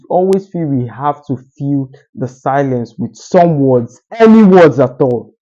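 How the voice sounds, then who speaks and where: A man talking straight to the camera with deliberate pauses, teaching how to speak more articulately. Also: medium pitch, mellow, highs cut off. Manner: deliberate, uses pauses for emphasis. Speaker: communication coach. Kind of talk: solo talking-head advice.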